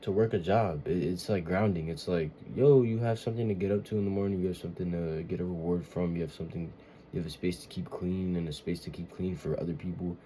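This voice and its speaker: A man's voice: deep voice, fairly even intonation, fast talker, dark tone, slight background noise. A man talking in a casual confessional monologue, rambling and emotional, often swearing and searching for words. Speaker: vlogger.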